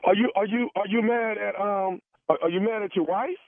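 A man's voice: high voice, a little fast, slight background noise. A man making a prank phone call on a radio show, stammering, stalling and pleading. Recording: tinny phone line.

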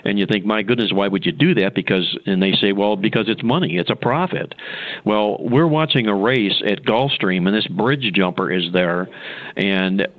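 A man's voice: fairly low pitch, moderate pace, no room sound, phone-quality sound. A man telling a gambling story in a folksy, anecdotal way as a guest. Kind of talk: casual anecdote.

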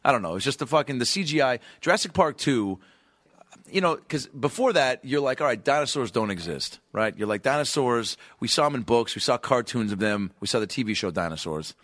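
Excitable man telling a profane story. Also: mid-range voice, brisk, no echo. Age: 30s. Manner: excitable, profane, acts out voices, rising to shouts. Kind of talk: animated comedic storytelling.

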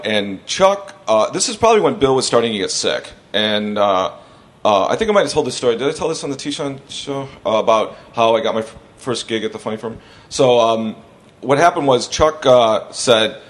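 A man hosting a podcast, telling stories in a loose, rambling way and acting out the people he quotes. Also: mid-range voice. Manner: rambling, animated storyteller who acts out quotes. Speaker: podcast host. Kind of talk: casual chat, storytelling.

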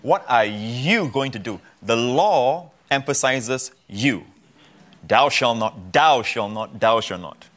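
A man's voice: medium pitch, animated, slow pace, a bit bright. Earnest man teaching scripture. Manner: earnest, repeats phrases for emphasis. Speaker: guest preacher. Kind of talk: Bible teaching on a talk show.

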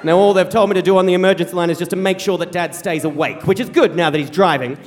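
A man telling a true story live on stage, wry and animated, acting out the voices of the people he quotes. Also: high-pitched, quick pace, background noise. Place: theater stage before an audience. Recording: reverberant hall.

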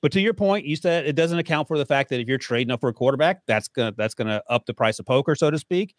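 A man hosts a sports podcast at an even middle pitch, chatty and quick to laugh at himself. His voice sits close and dry on the mic, with no room sound at all. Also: no room sound. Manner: joking and laughing, walks through picks. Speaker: podcast host and draft analyst. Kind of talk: casual sports podcast chat.

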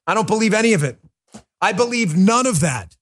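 High-pitched, fiery male talk show host. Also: lively intonation, brisk, fairly bright tone. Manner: emphatic, combative, mocks opponents in put-on voices. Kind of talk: fiery political commentary.

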